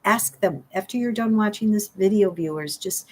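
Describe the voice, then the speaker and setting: A woman's voice: low voice, moderate pace, few pauses, slight background noise, low-quality recording. A middle-aged woman giving a spiritual card reading to her viewers, earnest and pleading, repeating her phrases.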